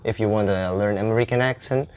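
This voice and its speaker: Young Indonesian male student, Indonesian accent, relaxed guest, searching for words. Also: fairly low pitch, quick pace, slight background noise. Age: young adult. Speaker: university English student, guest. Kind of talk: casual chat in English.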